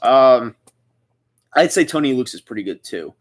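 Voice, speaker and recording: A man's voice: mid-range voice, expressive, moderate pace. A young man from the Philadelphia area hosting a casual livestream, rambling as he reads out viewer comments and answers them. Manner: chatty, rambling, reads chat aloud. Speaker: livestream host. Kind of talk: casual live chat reading comments.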